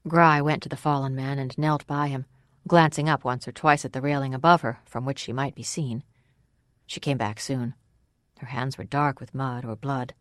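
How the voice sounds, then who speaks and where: Audiobook narrator, calm even storytelling, middle pitch, dead dry booth. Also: normal speed, dry recording. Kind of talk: scripted narration.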